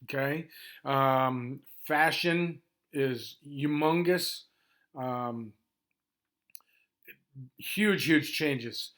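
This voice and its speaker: A gravelly-voiced man in his sixties giving an informal history overview, rushing through it with many ums and restarts. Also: mid-range voice, fairly bright tone. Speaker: history presenter.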